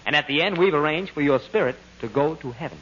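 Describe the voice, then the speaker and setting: A man's voice: fairly high pitch, expressive, quick pace, fairly bright tone. An actor playing a cheerful, scheming male ghost who talks breezily, in 1940s radio comedy acting. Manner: breezy and persuasive. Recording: dull, lo-fi old radio broadcast with faint hiss.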